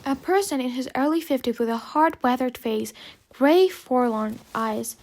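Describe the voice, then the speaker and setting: A woman reading an audiobook aloud, narrating in measured, phrase-by-phrase delivery. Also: sits high, a little mellow. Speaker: audiobook reader. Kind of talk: scripted narration.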